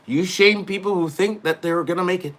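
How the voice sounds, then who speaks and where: Foul-mouthed man ranting with a bright voice. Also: high-pitched, a little fast. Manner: animated, swears constantly, swings between mutters and loud outbursts. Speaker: podcast host, wrestler. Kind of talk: profane casual rant.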